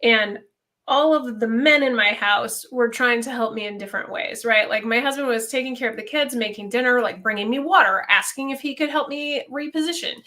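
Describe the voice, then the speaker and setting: A woman in her thirties sharing a personal story on a casual live stream. Her voice is bright and pitched a touch high, and she talks openly and loosely, full of "like". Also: brisk. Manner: candid, storytelling with lots of "like". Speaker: co-host. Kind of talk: casual chat.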